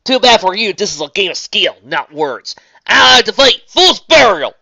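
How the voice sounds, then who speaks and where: A reader voicing a brash young Southern cowgirl card duelist in a put-on Southern drawl, loud and showy. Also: medium pitch, very animated, moderate pace, creaky, no room sound, muffled recording, voice pushed up, full character voice. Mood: taunting. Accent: put-on American Southern.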